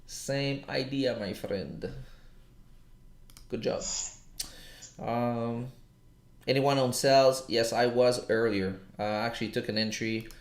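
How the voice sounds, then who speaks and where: Speaking slowly with long pauses, a man of medium pitch and steady tone chats with viewers as he works charts on a live trading stream. He's casual and slangy, and the room is echoey.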